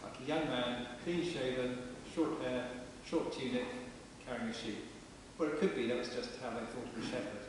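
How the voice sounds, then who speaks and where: Recorded on a distant camera mic amid church echo and hiss, a vicar preaches in a large stone parish church. He's chatty and plain-spoken, with a mid-range voice at normal speed and few pauses.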